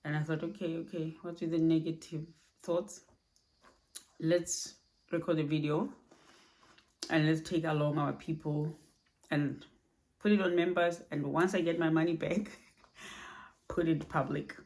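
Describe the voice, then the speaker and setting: A woman speaking softly and haltingly in a personal vlog recorded at home at night, low on energy. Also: fairly even intonation. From Australia. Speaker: vlogger.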